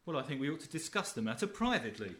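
A man's voice: medium pitch, very animated, racing, fairly bright tone. An actor with a British accent playing a flustered, hesitant man posing as a financial advisor in a sitcom. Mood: bemused. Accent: British English. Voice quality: hesitant, bemused. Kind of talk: sitcom acting.

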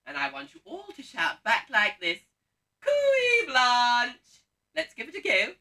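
A loud, vain comic cook, as a woman acts her out on a pantomime stage, rallying the crowd to shout back. Her voice swings widely in pitch and sounds bright and sharp. It is picked up from well away from the mic. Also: wildly swooping pitch, brisk, far from the mic, exaggerated voice. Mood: brassy. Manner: loud, brassy, leads audience call-and-response.

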